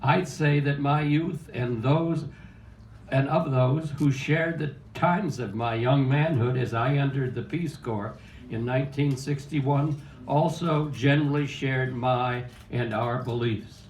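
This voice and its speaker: A man's voice: mid-range voice, a little mellow, a little hiss or hum. A man in his eighties from Pennsylvania, reading a reflective memoir poem at an open mic in a small cafe. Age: 80s. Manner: slow, reflective, measured recitation. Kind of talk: reading memoir poetry aloud. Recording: roomy cafe sound from a distance.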